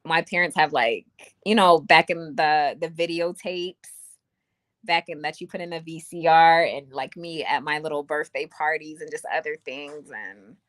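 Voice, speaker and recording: A young woman hosts a casual livestream from a room at home, chatting and reading viewer comments aloud into a webcam or phone mic. Her voice sits low and is a bit bright, with no room sound.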